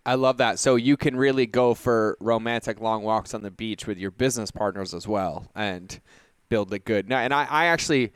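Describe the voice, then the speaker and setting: A man hosting a podcast interview, chatty and animated, often tagging his sentences with "right?". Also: on the low side, moderate pace, smooth, no room sound, studio quality. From Boston, USA. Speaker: podcast host. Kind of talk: casual interview chat.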